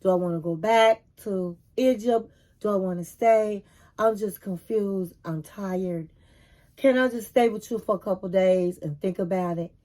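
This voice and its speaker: A woman voicing a drained, weary young man who is close to tears, speaking low and quiet. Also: brisk, few pauses, close to an everyday voice. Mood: weary, confused.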